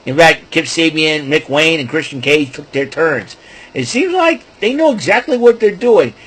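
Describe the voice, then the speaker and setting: A man talks his way through a wrestling show recap in a loose, rambling manner, stumbling over restarts and fillers. His voice sits a bit high and sounds husky. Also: fairly bright tone.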